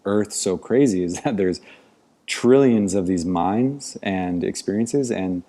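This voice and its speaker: A man's voice: deep voice, slow pace, mellow. A man, a podcast guest, telling a story in casual conversation, rambling with many "like" fillers. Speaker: podcast guest, outdoor educator.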